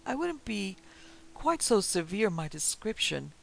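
A man playing a gentle old minister. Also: high-pitched, creaky, rough recording. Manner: mild, measured, slightly apologetic. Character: gentle white-haired elderly clergyman.

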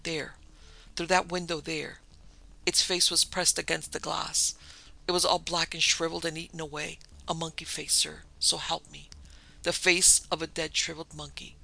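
A man's voice: a little high, flat delivery, moderate pace, creaky, sharp tone, heavily acted, rough recording. A man doing a panicky ship steward. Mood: terrified. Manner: frantic, breathless pleading. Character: terrified male ship steward, panicky and babbling.

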